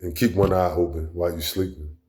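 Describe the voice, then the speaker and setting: A man's voice: low-pitched, fairly even intonation, a little fast, mellow. A man delivering a blunt, profane, rambling monologue as a vlog host. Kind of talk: casual monologue rant.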